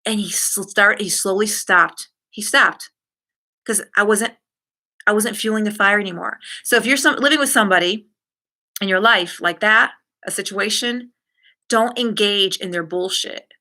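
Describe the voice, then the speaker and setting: A middle-aged woman talks straight to her live-stream audience in a candid, animated way. Her tone is bright and forceful, and she tells her story with quick asides to the viewers. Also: medium pitch.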